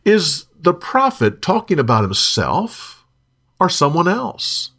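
A man's voice: a little high, huge pitch swings, takes it slowly, fairly bright tone, breathy edge, pitched above the performer's own voice, heavily acted. A man doing an eager, hesitant court official. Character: humble male foreign court official, eager.

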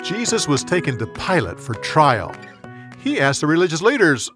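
A man narrating a Bible story in an expressive, dramatic reading style. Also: mid-range voice, normal speed, no echo, studio quality, faint music behind. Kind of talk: scripted storytelling.

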